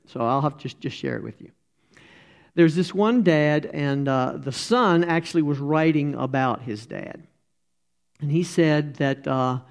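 A middle-aged man giving an informal sermon as a church speaker, talking in a halting, conversational way and often getting emotional. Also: medium pitch, vocal fry.

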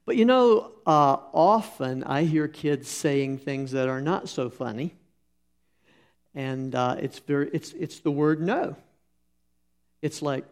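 Gravelly middle-aged male pastor. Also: medium pitch, normal speed, a little mellow. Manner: folksy storytelling, many fillers and restarts. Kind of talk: sermon with anecdotes.

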